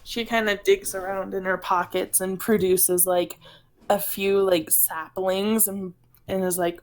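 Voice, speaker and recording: A woman's voice: mid-range voice, flat delivery, unhurried, a little mellow. A woman playing a tabletop game, casually describing what her character does, with plenty of fillers. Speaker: player.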